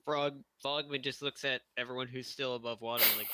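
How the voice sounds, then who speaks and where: A man as game master of a tabletop game, giving even, matter-of-fact rulings with pauses. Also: medium pitch, slight background noise, poor audio.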